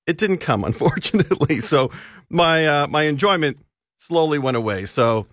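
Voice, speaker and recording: A man's voice: mid-range voice, lively intonation, fairly quick, fairly bright tone, no echo, studio quality. A man reviewing movies and chatting casually on a radio show, laughing often as he talks. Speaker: entertainment reviewer. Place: radio studio.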